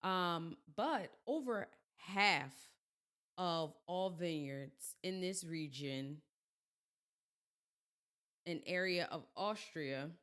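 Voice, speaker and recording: A woman hosting a podcast in casual chat, her voice crackly and hoarse as she gets over being sick, talking in chatty, self-deprecating asides. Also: lowish voice, extremely slow, long pauses, fairly bright tone. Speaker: podcast host.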